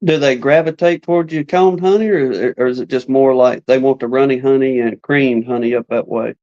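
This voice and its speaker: A man who keeps bees, musing in a measured way during a casual live-stream chat over a video call. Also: medium pitch, steady tone, darkish tone. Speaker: beekeeper. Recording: dull lo-fi stream audio.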